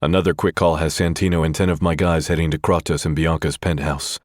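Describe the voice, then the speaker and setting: A man's voice: extremely low pitch, little pitch movement, a little fast, no room sound, clean studio sound. A man narrating a first-person romance audiobook in a tense, brooding way.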